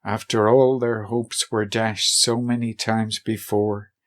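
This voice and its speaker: Slow, low-voiced man narrating dryly. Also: flat delivery. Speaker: workshop video host. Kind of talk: scripted narration over a video.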